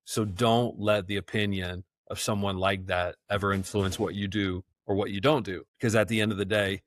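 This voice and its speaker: A man's voice: lowish voice, steady tone, normal speed, no room sound, clean studio sound. A man on a podcast as a guest, talking in a casual, folksy and enthusiastic way, laughing often and repeating words as he goes. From South Georgia, US. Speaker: guest, event rental business owner.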